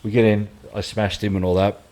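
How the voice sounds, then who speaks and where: This is a casual, unscripted podcast chat with a middle-aged Australian ex-fighter as the guest. His fairly low voice moves briskly as he tells blunt, sweary fight stories. He slips into quoted lines along the way, keeping things relaxed.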